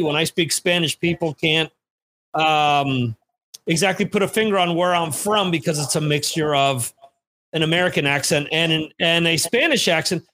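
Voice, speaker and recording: A man's voice: fairly high pitch, pushed and bright, a little hiss or hum. A man hosting a casual podcast chat, stammering through restarts with many ums. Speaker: podcast host.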